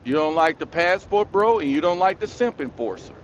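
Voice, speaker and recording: Speaking a little fast and with plenty of animation, this man's slightly high voice drives a ranting monologue on his own commentary channel. He scolds and preaches directly at viewers, hammering the same points over and over. A faint hiss or hum sits under the audio.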